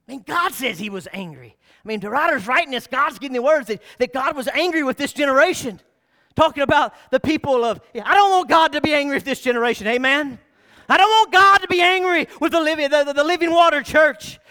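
A middle-aged pastor preaches to his church in a very high, bright, forceful voice. He swings from shouted peaks down to hushed, confiding asides. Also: a little fast. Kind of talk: sermon. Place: church sanctuary.

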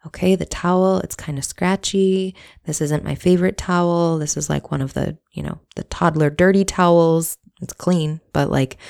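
A woman's voice: deep voice, gravelly, darkish tone. A woman candidly telling a personal story in a reflective, casual monologue, swearing now and then.

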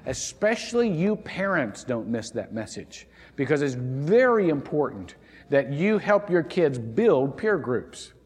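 Animated preaching man in a church hall. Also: on the high side, a little slow, slightly rough. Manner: animated preaching, frequent restarts and stammers. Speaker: pastor. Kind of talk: sermon. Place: church sanctuary.

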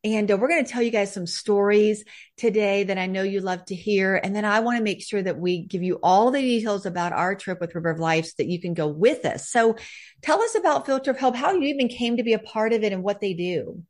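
A woman's voice: mid-range voice, expressive, fairly quick, a little mellow. Enthusiastic woman podcast host. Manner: enthusiastic, effusive. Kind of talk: faith podcast interview.

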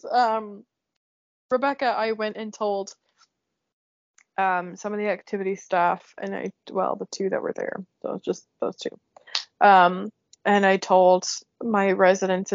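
A woman's voice: mid-range voice, moderate pace, dry recording. A young woman hosting a podcast, chatting casually and emotionally, laughing often. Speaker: podcast host. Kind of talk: casual chat. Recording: dull lo-fi sound.

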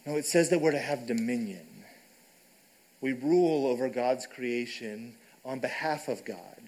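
A man's voice: mid-range voice, unhurried, a little mellow, low-quality recording. A man preaching a sermon in a church, conversational and casual, often checking in with the congregation. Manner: conversational, frequent "right?" asides. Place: church sanctuary.

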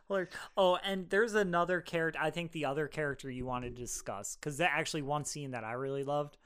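A man co-hosting a podcast in casual chat, enthusiastic and quick to act out quotes. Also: a little high, a bit bright, smooth. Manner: enthusiastic, acts out quotes, laughs often. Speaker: podcast co-host.

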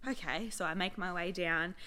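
A young woman co-hosting a casual chat podcast, telling a story with lively quoted dialogue. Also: lowish voice, moderate pace. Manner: animated storyteller, acts out quotes. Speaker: podcast co-host.

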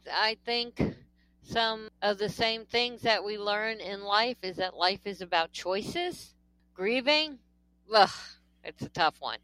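Bright, crisp older woman telling her story. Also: mid-range voice, no echo, low-quality recording. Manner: earnest and emotional, pausing with fillers. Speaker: guest sharing her testimony. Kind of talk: personal testimony in a faith talk show.

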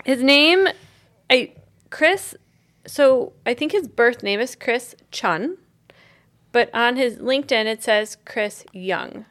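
This woman's voice is fairly high and a bit bright, expressive, and she takes her time. As a podcast co-host, she shares her research in a rambling, casual way packed with filler words.

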